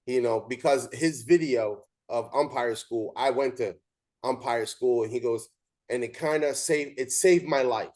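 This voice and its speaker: This man's voice is mid-range and a little slow. He hosts a casual interview chat and, as an umpire, tells stories animatedly, acting out the dialogue with quoted lines.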